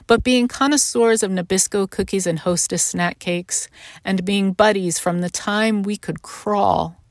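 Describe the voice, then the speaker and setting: A woman with a slightly low voice reads her own short fiction aloud. Her narration is measured and intimate, recorded close and dry with no room sound. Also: no echo. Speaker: author reading her story. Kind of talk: literary reading.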